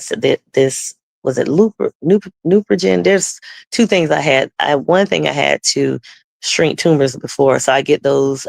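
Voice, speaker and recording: A woman shares her personal faith testimony as a guest, voicing the people in her story as she goes. Her voice is deeply gravelly and full of fry. She often loses her words and starts sentences over, and the sound is dry, with no room echo. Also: a little mellow. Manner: storytelling, acting out the other people's lines in the story.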